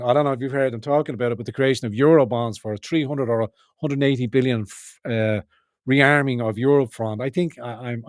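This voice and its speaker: A man's voice: mid-range voice, darkish tone, no room sound, clean studio sound. A man hosting a livestream, delivering rambling political commentary in an emphatic, profane way with many restarts. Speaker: livestream host.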